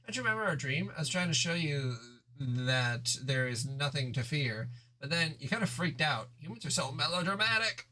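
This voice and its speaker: A man's voice: on the high side, lively intonation, moderate pace, few pauses, sharp tone, poor audio. Pfeffery, a man voicing a bubbly, lofty fish-alien girl. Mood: teasing. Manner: theatrical, playful, slightly pompous. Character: bubbly aristocratic fish-alien girl who says glub. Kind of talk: reading a webcomic aloud with voices.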